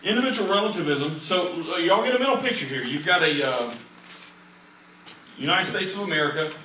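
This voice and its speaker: Forceful man teaching in church. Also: sits high, expressive, a little fast, a little hiss or hum. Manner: conversational, storytelling, emphatic. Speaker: Bible study teacher. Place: church room. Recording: echoey room, distant mic.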